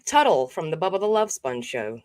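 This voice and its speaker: A woman's voice: sits low, very animated, brisk, a little mellow, no echo. A woman appearing as a guest on a podcast, chatting in a playful, easygoing way. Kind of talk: casual chat.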